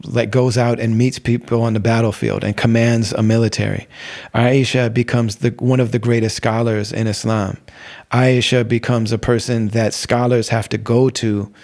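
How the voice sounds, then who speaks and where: Middle-aged guy from the us, podcast host, rambly and loose, keeps saying you know, mid pitch. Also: a little mellow. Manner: rambling, many fillers and restarts. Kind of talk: casual religious talk.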